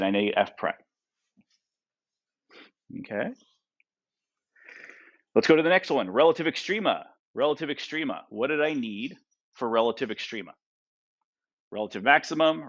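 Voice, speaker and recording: A man teaches a math class, constantly asking his students questions and tagging his points with "right?" and "okay?". His voice is mid-range, and the audio sounds dull.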